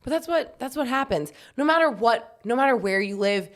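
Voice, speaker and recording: A young woman co-hosting a podcast in casual chat, pregnant and a bit short of breath, playful and quick to laugh. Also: a little high, animated. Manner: playful, teasing, laughs often. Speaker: podcast co-host.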